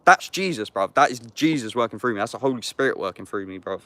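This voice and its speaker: Reading scripture in the woods, a YouTuber around thirty reflects on it in street slang, swearing a lot and calling the listener "bruv." His mid-range voice is animated and fast with a sharp tone, recorded dry.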